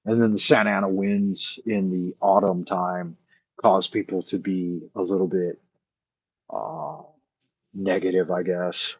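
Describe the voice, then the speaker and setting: A man's voice: deep voice, unhurried, breathy edge, no room sound, highs cut off. A man hosting a casual late-night chat, rambling and thinking aloud with many fillers as he answers his viewers. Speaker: livestream host answering chat.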